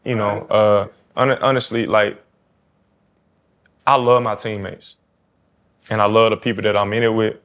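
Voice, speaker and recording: A quarterback in his thirties with a New Orleans accent guests on a podcast, talking casually and animatedly and acting out quoted talk. His voice is on the low side, at a moderate pace with long pauses, and the sound is lo-fi.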